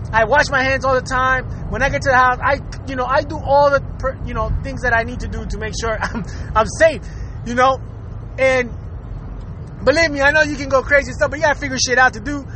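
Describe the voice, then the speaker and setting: A man's voice: extremely high pitch, noisy background. A man in his thirties hosting a casual podcast, ranting bluntly with lots of swearing and frequent laughter. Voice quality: profane, laughs often, blunt. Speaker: podcast host.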